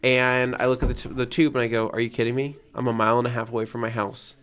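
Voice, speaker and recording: Smooth-voiced man telling a lively story. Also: medium pitch, quick pace. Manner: animated storyteller, acts out his own reactions. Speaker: podcast co-host. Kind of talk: casual storytelling chat.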